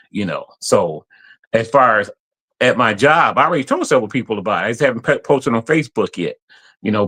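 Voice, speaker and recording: A man in casual podcast chat, telling animated stories, acting out quotes and laughing often. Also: fairly low pitch. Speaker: guest player.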